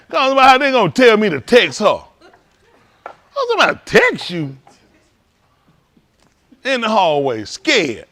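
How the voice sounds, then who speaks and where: A man hosts a livestream, cracking jokes and acting out the people in his stories. His voice sits high and swings widely in pitch as he animates each bit. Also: takes it slowly, long pauses. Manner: animated storytelling, acting out quoted voices, laughing. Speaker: livestream host at a congregation. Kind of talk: casual joking talk to a livestream audience.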